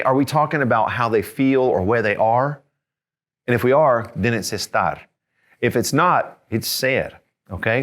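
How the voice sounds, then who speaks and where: A man at a mid-range pitch teaches a Spanish grammar lesson with steady patience, saying key words twice and slowing down to spell them out. He often stops to check understanding with a quick "okay?" or "right?", the way a teacher does at the board. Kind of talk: classroom-style grammar lesson.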